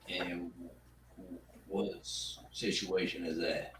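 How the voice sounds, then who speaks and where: A man's voice: sits low, flat delivery, slow, voice pushed down. A man doing a stammering, nervous character. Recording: roomy sound, from far off, clear noise.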